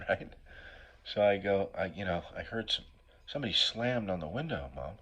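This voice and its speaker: A man's voice: deep voice, expressive, normal speed, a bit bright, breathy edge. A middle-aged man telling an emotional personal story as a recovery speaker. He talks in a raw, profane way, keeps asking "right?", and sounds sniffly from allergies.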